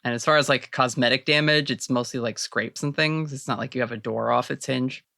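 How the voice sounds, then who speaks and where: A man narrating as game master of a tabletop role-playing game, setting scenes in a measured, descriptive way. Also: mid-range voice, fairly even intonation, vocal fry, pushed and bright, no room sound, studio quality.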